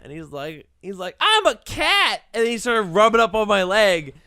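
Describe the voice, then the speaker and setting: A man's voice: high voice, moderate pace, clear, resonant tone, no echo. A young man on a podcast telling stories in casual chat, swearing often and acting out the people in them. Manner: swears a lot, tells animated stories. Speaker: podcast co-host.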